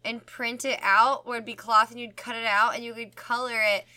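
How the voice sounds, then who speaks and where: A woman co-host reminisces in easy casual chat. Her voice is bright and sits a little high, and she is chatty and laughs readily. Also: flat delivery, moderate pace. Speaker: podcast co-host.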